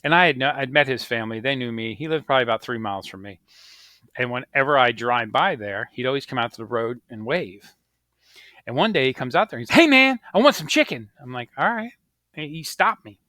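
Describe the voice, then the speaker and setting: A man's voice: mid-range voice, brisk, no echo, clean studio sound. A man in his thirties co-hosting a podcast, telling stories in casual chat and acting out the voices of people in them. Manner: animated storyteller, acts out quoted voices. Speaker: podcast co-host.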